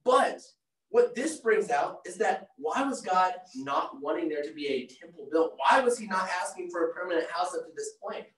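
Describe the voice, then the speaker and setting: A preacher giving a sermon who reads scripture aloud and retells it in a casual, excitable way. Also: medium pitch, moderate pace. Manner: excitable, casual and animated, slips into voicing the characters. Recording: echoey room, mic far off.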